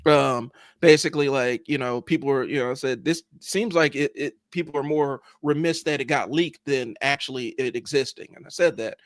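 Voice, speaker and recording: A man co-hosting a podcast in casual chat, talking in a sarcastic, lively way with lots of "like" and "you know". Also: medium pitch, normal speed, hardly any pauses, no echo, clean studio sound. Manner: sarcastic, animated, many fillers like "like" and "you know". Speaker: podcast co-host.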